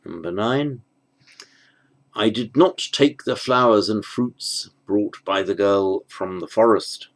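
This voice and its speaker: Slow, gravelly man teaching grammar. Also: fairly low pitch. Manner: slow, methodical, thinking aloud with pauses. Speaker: language teacher. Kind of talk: spoken grammar lesson.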